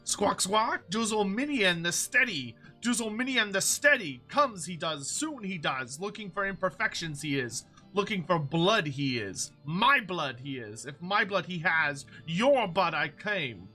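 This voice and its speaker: A man's voice: high voice, very animated, a little slow, few pauses, bright, forceful tone, faint music behind, full character voice. A man voicing a squawking bird-like creature who gives quests with inverted word order, reading game text aloud in character.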